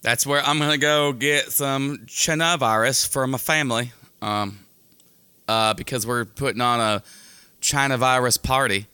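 A man's voice: mid-range voice, steady tone, a little slow, pushed and bright, clear, resonant tone. A man co-hosting a podcast in casual comedic banter, rambling and cutting himself off on jokey tangents. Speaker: podcast co-host.

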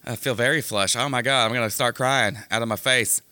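A man's voice: medium pitch, a little fast, pushed and bright. A man co-hosting a podcast in casual comedic banter, rambling and cutting himself off on jokey tangents. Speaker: podcast co-host.

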